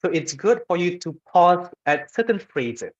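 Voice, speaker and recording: Expressive and high-voiced, a man paces himself as he runs a casual online class on public speaking. He talks conversationally and keeps checking in with "okay" and "all right," shifting loud and soft to demonstrate voice patterns. The recording is dull, lo-fi webinar audio.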